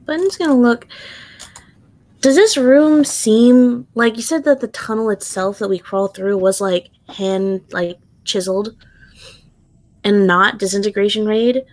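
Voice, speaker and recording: A woman's voice: medium pitch, normal speed, no room sound, poor audio. A woman playing in a tabletop role-playing game, asking questions in character and out. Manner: curious, questioning. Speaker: player.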